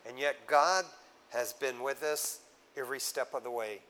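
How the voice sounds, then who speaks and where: A male pastor preaching a sermon in a casual, conversational way, often calling listeners "man" and swinging from loud exhortation down to low, hushed tones. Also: normal speed, rough recording.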